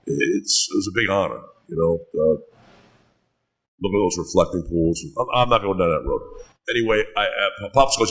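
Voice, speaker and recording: A man's voice: low voice, normal speed, a bit bright, low-quality recording. A middle-aged man, a bar co-owner telling rambling stories with lots of swearing and "man.". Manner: rambling, swears a lot, says "man" often. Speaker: bar co-owner, podcast guest. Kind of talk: casual storytelling chat.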